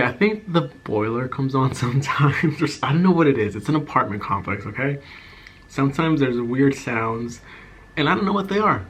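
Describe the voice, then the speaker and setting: A man talks easily while he eats, chatty and candid, letting thoughts trail off between bites. His voice sits at an ordinary middle pitch. Faint street noise drifts in from outside the apartment. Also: a bit bright. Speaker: ASMR and vlog creator. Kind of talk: casual chat while eating, mukbang. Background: faint outside noise of passing cars.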